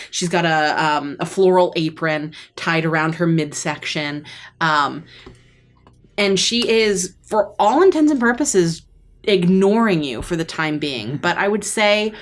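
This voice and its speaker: A woman narrating a tabletop game as game master, in a casual style full of fillers. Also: fairly low pitch.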